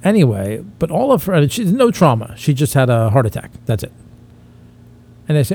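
Rambling, profane comedian with a lively voice. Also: male voice, a little high, fairly quick, creaky, breathy edge. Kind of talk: crude comedic banter.

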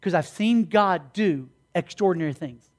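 Male preacher, high voice, animated storyteller who acts out the dialogue. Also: normal speed. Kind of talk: sermon storytelling.

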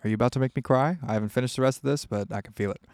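A man's voice: medium pitch, racing, a little mellow, no room sound, clean studio sound. A young man from Ohio hosting a casual solo podcast, answering listener questions in a candid, rambling way with lots of fillers. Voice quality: gravelly.

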